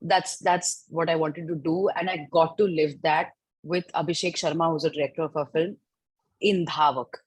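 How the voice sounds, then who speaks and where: A young Indian woman, an actress, chatting in an interview in an animated, excitable way with a husky voice and Indian English accent. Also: low voice, moderate pace, no echo, poor audio. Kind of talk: casual interview chat.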